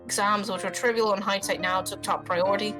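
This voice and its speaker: A woman streamer reading a story game aloud with expressive commentary and swearing. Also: medium pitch, soft background music, rough recording. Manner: expressive, swearing, quick reactions.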